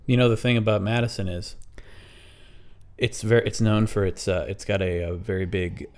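Man, podcast co-host, improvised story, rambling, dry humor, low gravelly voice. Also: steady tone, moderate pace, a little mellow.

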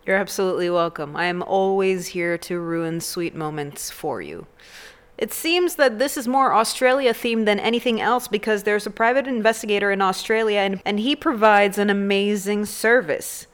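A woman in her thirties hosting a comedic solo show, animated and crude, with self-mocking jokes. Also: medium pitch, normal speed, clear, resonant tone. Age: 30s. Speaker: host.

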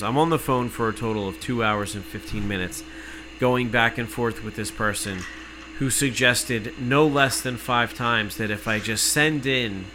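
A man telling an exasperated, profane story in casual podcast chat, cursing freely and working himself up to shouting. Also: lowish voice, background noise.

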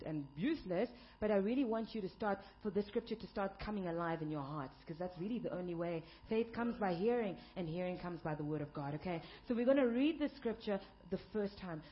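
Woman pastor, lively swooping sermon delivery, dull lo-fi recording. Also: medium pitch, a little hiss or hum. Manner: emphatic preaching, building to shouted climaxes.

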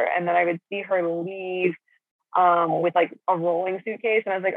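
A woman's voice: on the low side, level tone, fairly quick, gravelly, slightly rough, no echo. A middle-aged woman chatting casually as a caller, swearing and rambling with lots of fillers. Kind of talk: casual chat. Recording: phone line.

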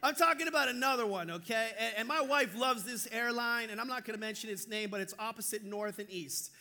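A male pastor preaching a sermon, telling stories in an animated, joking way. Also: very high voice, a little fast.

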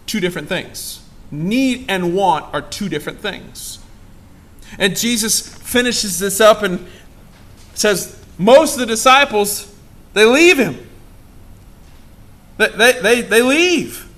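Man preaching with a high, bright voice. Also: lively intonation, slow, long pauses. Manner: emphatic preaching, rhetorical questions. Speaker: pastor. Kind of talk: sermon.

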